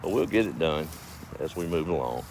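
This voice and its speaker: A man's voice: extremely low pitch, expressive, moderate pace, darkish tone, a little hiss or hum. A man telling folksy farm stories on a casual livestream, chuckling as he rambles. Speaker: farm vlogger.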